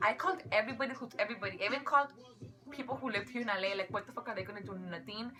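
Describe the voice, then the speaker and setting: A young adult woman telling a funny story to her sister, animated and quick, full of filler likes. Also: fairly high pitch. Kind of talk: casual storytelling.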